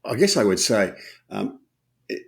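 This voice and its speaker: A man co-hosting a podcast, speaking about politics in a measured, cautious way. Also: lowish voice, big pitch swings, creaky. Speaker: podcast co-host. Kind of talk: casual political chat.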